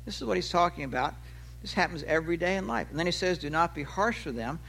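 A man in his sixties delivers a sermon in a high, ringing voice. He talks with animation, lifting his pitch for quoted lines and letting his phrases trail off low and quiet. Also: fast, gravelly. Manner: animated preaching, voice rising for acted quotes and dropping low at phrase ends. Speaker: pastor.

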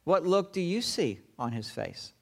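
A man preaching a sermon, retelling a story with dramatic pauses and acting out the quoted lines. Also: on the high side, big pitch swings, creaky, darkish tone.

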